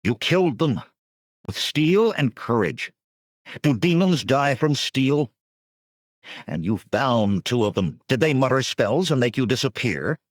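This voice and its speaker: A man voicing a bold young barbarian warrior who rouses his men with shouted cries. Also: mid-range voice, sing-song, measured pace, dry recording, studio quality, pitched above the performer's own voice. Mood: mocking. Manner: rousing, shouts battle cries.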